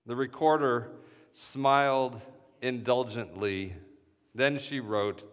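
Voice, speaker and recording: A man reading a story aloud in a measured, deliberate way. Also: medium pitch. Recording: reverberant hall sound.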